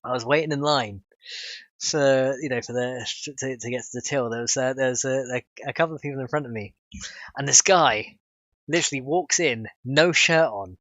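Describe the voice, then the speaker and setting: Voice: mid-range voice, moderate pace, fairly bright tone, no echo, highs cut off. A streamer, chatting casually while coding a game mod, giggly and rambling and swearing freely.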